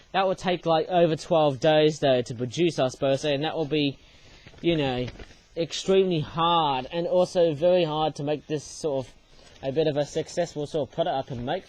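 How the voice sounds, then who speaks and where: Young male host, casual rambling review delivery, slightly high pitch, dry recording. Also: darkish tone, no room sound. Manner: rambling, ends phrases with tag words. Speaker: channel host reviewing his own origami toys.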